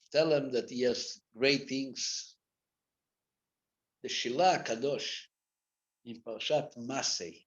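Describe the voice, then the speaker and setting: A man teaching a live Torah class as a rabbi, mixing Hebrew and Yiddish terms into English and swinging from loud acted rebukes to quiet asides. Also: mid-range voice. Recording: dull lo-fi classroom recording.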